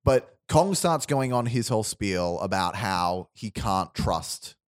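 A man's voice: on the low side, lively intonation, clean tone, no room sound, studio quality. A man casually telling a long story on a podcast, rambling with restarts and laughs. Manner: rambling, restarts, laughs often, quick asides. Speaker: podcast host pitching a film idea.

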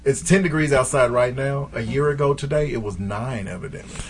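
A man co-hosting a casual talk show, loud and laughing, swearing and making movie references. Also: mid-range voice, a little fast. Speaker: podcast co-host. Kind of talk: casual chat.

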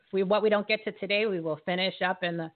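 A woman's voice: medium pitch, fairly even intonation, fast talker. A woman hosting a live talk show, talking in a fiery, folksy and emphatic way over a video call. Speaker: host. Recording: phone-like narrow audio.

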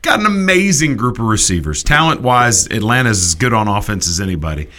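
A man hosting a sports talk show, ranting in an animated, emphatic way with quick restarts. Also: on the low side.

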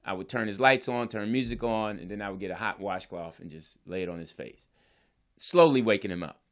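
A man's voice: fairly low pitch, brisk. A divorced father telling his family story in a casual, earnest, rambling way, often restarting his sentences.

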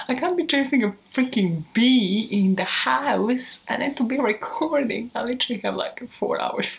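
A woman's voice: fairly high pitch, animated, normal speed, gravelly. A young adult woman hosting a true crime show, chatting casually at home in outtakes, rambling and swearing with self-mocking laughs. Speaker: true crime podcast host.

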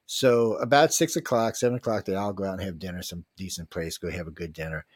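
Low-voiced New Orleans man, rambling chat. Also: fast, no room sound. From New Orleans, USA. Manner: loose, rambling, swears freely, chuckles between lines. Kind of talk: casual storytelling chat.

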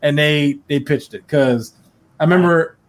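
Joking man, higher voice. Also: unhurried. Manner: joking, animated storyteller. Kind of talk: casual chat.

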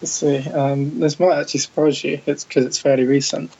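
A man from England with a standard British accent, chatting as a podcast guest. His voice is gravelly and a bit husky, and he talks in a relaxed, halting way, full of ums and restarts. The audio is dull and lo-fi. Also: a little high. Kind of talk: casual podcast chat.

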